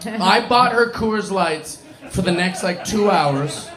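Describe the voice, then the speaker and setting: A man's voice: high voice, slow pace. A man telling a dive-bar story in casual chat, swearing and laughing at himself. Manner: swearing, self-mocking, laughing. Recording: roomy echo with crowd noise.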